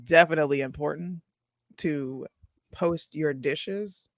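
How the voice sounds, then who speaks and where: Slangy, animated woman co-host. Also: deep voice, slow, dry recording, clean studio sound. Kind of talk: casual chat.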